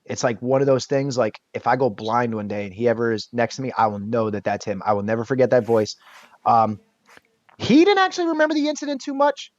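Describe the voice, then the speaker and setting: A man guest on an interview podcast, telling a personal story in a casual, lively way and acting out what others said. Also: mid-range voice, a little fast, dry recording. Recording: dull lo-fi dry sound.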